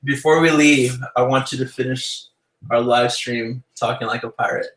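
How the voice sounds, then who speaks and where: A man's voice: mid-range voice, fairly even intonation, moderate pace, fairly bright tone. A young father chatting playfully with his wife, laughing often. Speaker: vlogger, father. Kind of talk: casual chat with spouse. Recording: echoey room.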